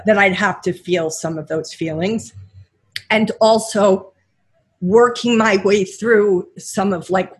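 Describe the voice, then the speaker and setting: A woman's voice: mid-range voice, breathy edge. A woman co-hosting a podcast interview, speaking candidly about her own experience. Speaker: podcast co-host.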